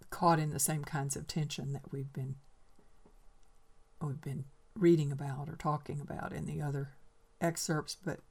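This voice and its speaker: A woman's voice: low voice, a little mellow, slightly rough. A woman reading literary excerpts aloud and commenting on them in a reflective, hesitant way. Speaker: reader and teacher.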